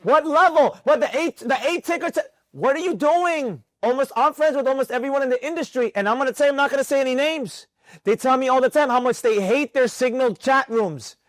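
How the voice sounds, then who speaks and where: Guy with a high voice teaching a trading class, preachy and animated, repeats stuff a lot, dry close sound. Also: brisk, no room sound. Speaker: trading mentor. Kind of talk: live mentorship class talk. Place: room with students present.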